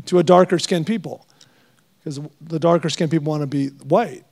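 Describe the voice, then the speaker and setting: A middle-aged man preaching a sermon, his voice pitched high with a gravelly edge. He tells animated stories and jokes, laughing as he goes. He delivers it as a guest preacher. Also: moderate pace.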